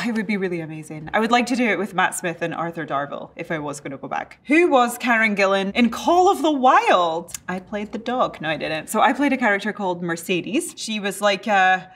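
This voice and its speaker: A woman with a Scottish accent talks through an interview in a playful, chatty way. She reads each question aloud before answering it. Her voice sits at a middling pitch for a woman. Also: fairly bright tone. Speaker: actor answering web search questions. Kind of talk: casual interview.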